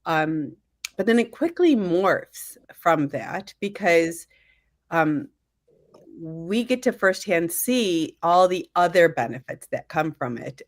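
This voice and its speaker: Woman hosting a video call panel, low voice, lots of ums, keeps saying she loves it. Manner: warm and affirming, many fillers. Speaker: panel host. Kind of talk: hosted panel discussion.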